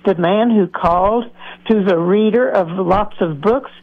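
A woman calling in to a radio show, speaking in a warm, gushing way. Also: mid-range voice, unhurried. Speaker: caller. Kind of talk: phone-in call. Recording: dull call-in line.

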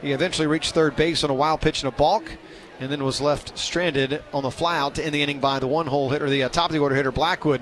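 Chatty baseball play-by-play man. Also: a little high. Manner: chatty, self-deprecating, excitable on big plays. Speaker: play-by-play announcer.

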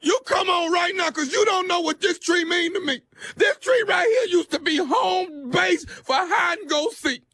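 A man voicing a furious grown man who shouts and sobs in slang over his mother's broken tree during a prank phone call. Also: very high-pitched, fairly even intonation, fairly quick, few pauses, pitched above the performer's own voice. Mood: tearful ranting. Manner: shouting, sobbing, streetwise slang.

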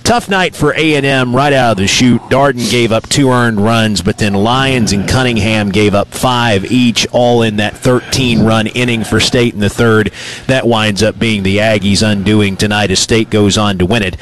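A man hosting a postgame sports radio show, giving a brisk, informed recap and reading sponsor lines. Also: fairly low pitch, steady tone, slight background noise.

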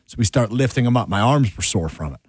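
A man telling a dramatic personal story in a casual chat, acting out his own lines with big jumps in pitch. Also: fast, breathy edge, dry recording. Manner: animated, rises sharply when acting out his own lines. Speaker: show regular telling a story.

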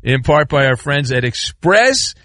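A man's voice: mid-range voice, measured pace. A middle-aged man hosting sports talk radio, ranting and joking with mock outrage and rambling asides. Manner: animated, rambling, sarcastic rants with mock outrage.

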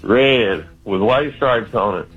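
A man's voice: on the low side, animated, slow, fairly bright tone, husky, soft background music. Southern man calling in on a dull line. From Arkansas. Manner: easygoing, rambling, polite. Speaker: caller. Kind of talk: phone call-in chat.

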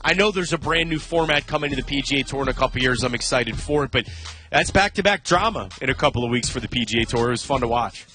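A man's voice: medium pitch, lively intonation, fast talker, bright, forceful tone, soft background music. A man co-hosting a sports radio show in casual talk, emphatic and repeating points for stress.

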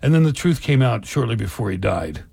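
A man co-hosts a radio call-in show, bantering and telling stories. His voice is gravelly and husky and swings in pitch. The mic is close and dry. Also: sing-song, fairly quick, darkish tone, dry recording. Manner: chatty storyteller, playful banter. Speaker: radio co-host. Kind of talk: casual radio call-in chat. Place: radio studio. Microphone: studio mic.

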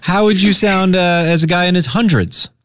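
A man's voice: high-pitched, brisk, background noise. A man hosting a radio show, chatting with a caller in an upbeat way with a lot of laughter. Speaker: radio host. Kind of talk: casual radio chat.

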